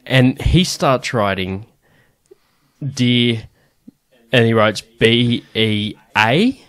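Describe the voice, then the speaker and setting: A man's voice: mid-range voice, extremely slow. A man hosting a podcast, chatting casually, telling stories with acted-out quotes and frequent swearing. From Australia. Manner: animated storytelling, swears freely, acts out quotes. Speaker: podcast host. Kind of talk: casual chat.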